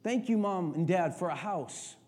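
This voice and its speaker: A middle-aged male pastor preaching a sermon, swinging from quiet talk to shouted, impassioned passages. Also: high voice, animated, moderate pace, faint music behind.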